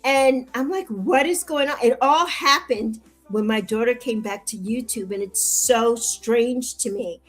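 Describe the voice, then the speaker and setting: A woman's voice: a little high, a little slow, few pauses, faint music behind, poor audio. An older woman in an interview, speaking in a heartfelt, repetitive way that rises into tearful pleading. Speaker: interview guest. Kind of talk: emotional interview conversation.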